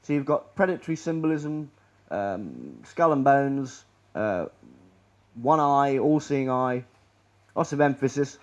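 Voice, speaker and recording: A man's voice: mid-range voice, expressive, measured pace, darkish tone, highs cut off. A man giving a rambling, sarcastic talk over slides, full of restarts and asides. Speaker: conspiracy lecturer.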